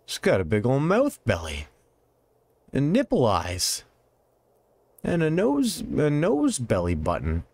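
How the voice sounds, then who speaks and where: A man's voice: medium pitch, wildly swooping pitch, slow pace, pauses often, darkish tone, husky. Give me a man doing laid-back game commentary, joking and swearing. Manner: joking, laughs often, swears freely. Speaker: let's play host. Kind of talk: casual gameplay commentary.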